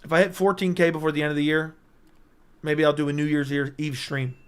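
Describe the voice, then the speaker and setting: A hoarse man hosting a livestream in casual commentary, answering chat with blunt, profane banter. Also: fairly high pitch, flat delivery, a little fast, no room sound. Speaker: livestream host.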